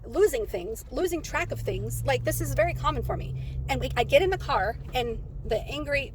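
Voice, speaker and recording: A woman's voice: high-pitched, lively intonation, normal speed, background noise. A woman talking through her notes in a casual, rambling way, often stopping and restarting her sentences. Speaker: vlogger. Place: in and around a parked car.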